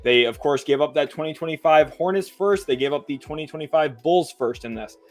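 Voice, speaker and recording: Casual male basketball commentator. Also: fairly high pitch. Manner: conversational, reads lists aloud slowly, frequent fillers. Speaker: sports commentator.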